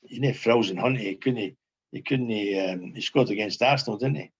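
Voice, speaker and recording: Here the former footballer, an older man from Scotland, talks briskly in a husky, medium-pitched voice over lo-fi sound. As a podcast guest looking back on the past, he wanders through his stories, repeating himself and tossing in "you know what I mean."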